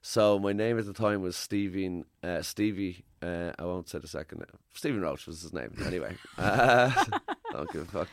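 A man's voice: deep voice, normal speed, few pauses. An Irish man in his forties, a podcast guest, telling rambling stories with the odd swear word. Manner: rambling anecdotal storytelling, swears. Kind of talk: casual podcast chat.

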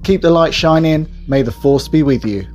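A man giving an enthusiastic, warm-hearted recorded message of congratulations. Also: a little high, normal speed, faint music behind.

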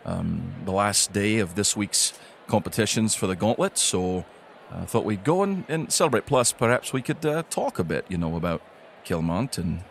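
A man's voice: on the low side, lively intonation, normal speed, gravelly, slight background noise. A man voicing a fretful dwarf king and fond father who talks hesitantly, full of ums and uhs. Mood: friendly.

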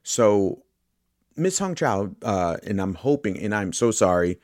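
A man with a very deep voice talks through a movie podcast in a loose, enthusiastic ramble, stopping now and then to correct himself. The sound is dry and close, with no room around it. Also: big pitch swings, unhurried, a little mellow, no room sound. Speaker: podcast host. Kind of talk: casual movie podcast monologue.

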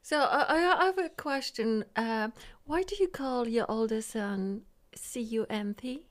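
A woman's voice: on the high side, measured pace. A woman co-hosting a podcast interview, chiming in with light, teasing questions. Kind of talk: interview chat.

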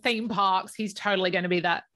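A woman's voice: mid-range voice, fairly even intonation, a little fast, bright, forceful tone. A woman co-hosting a podcast, reading listener messages aloud and chatting easily between them. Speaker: podcast co-host.

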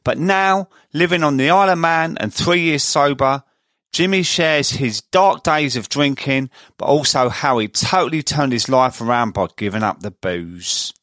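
A man's voice: medium pitch, normal speed, a bit bright, no echo. Friendly male podcast host, dry sound. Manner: friendly, chatty. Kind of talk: podcast hosting, scripted intro and casual chat.

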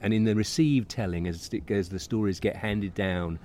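A man's voice: lowish voice, normal speed, a little mellow, slight background noise. A man co-hosting a podcast, chatting casually and enthusiastically outside on a residential street, laughing easily. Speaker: podcast co-host. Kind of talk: casual chat on a walking tour. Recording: recorded outside with street ambience.

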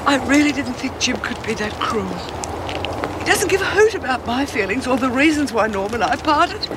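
An actress in a television soap playing a grieving, hurt widow. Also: female voice, high-pitched, expressive, normal speed, noisy background.

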